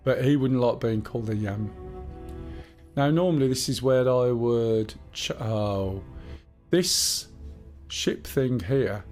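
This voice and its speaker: A man's voice: mid-range voice, slow, a little mellow, soft background music. A man with a Black Country accent chatting casually and rambling to himself while he streams a game. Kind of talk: casual live-stream gaming chat.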